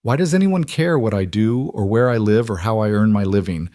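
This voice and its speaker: A man's voice: on the low side, expressive, a little fast, no room sound, studio quality, natural voice. A man voicing a fiery, bitter frontier woman. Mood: indignant. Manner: sharp, bitter and indignant.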